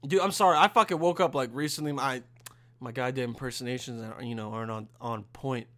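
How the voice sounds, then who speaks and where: Bright-voiced young man ranting casually. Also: mid-range voice, brisk, a little hiss or hum. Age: young adult. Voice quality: profane, rambling, loud bursts of exasperation. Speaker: podcast host. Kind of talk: casual rant to camera.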